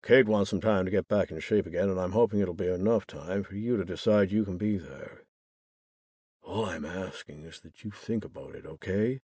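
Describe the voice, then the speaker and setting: A man's voice: sits low, moderate pace, darkish tone, breathy edge, no echo, studio quality. A man voicing a remorseful young man who pleads with his estranged best friend. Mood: pleading. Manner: apologetic, pleading.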